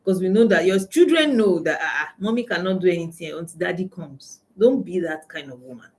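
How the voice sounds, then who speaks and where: A woman's voice: fairly low pitch, expressive, brisk, darkish tone. Emphatic Nigerian woman money coach. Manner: emphatic, repeats key lines, asks the audience; laughs often while telling anecdotes. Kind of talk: motivational talk to an audience.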